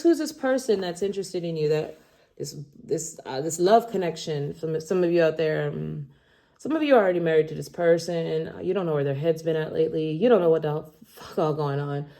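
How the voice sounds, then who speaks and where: A woman's voice: fairly low pitch, fairly quick, mellow. A woman giving a casual tarot reading to camera, rambling and chatty, blunt, with casual swearing. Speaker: tarot reader.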